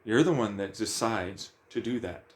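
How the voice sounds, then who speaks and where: A man's voice: fairly low pitch, lively intonation, moderate pace, a little mellow. Blunt, cursing man ranting. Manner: blunt, profane, questioning himself aloud. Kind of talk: casual ranting monologue.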